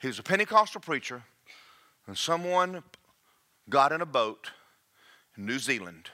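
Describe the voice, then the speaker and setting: Male preacher, forceful bright delivery, wide swings in pitch, jokey and engaging with the congregation. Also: moderate pace. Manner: animated, jokey, checks in with the congregation. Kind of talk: sermon.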